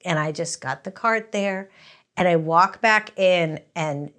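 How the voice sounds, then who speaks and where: A middle-aged woman from the US East Coast, a memoir author telling candid stories in an interview, rambling and animated with many restarts. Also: on the low side, slow.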